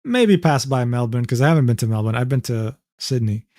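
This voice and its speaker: A man's voice: mid-range voice, lively intonation, a little fast, darkish tone, no room sound, studio quality. A man in his twenties doing casual reaction-stream commentary, talking loosely with lots of swearing and "bro" asides. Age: 20s.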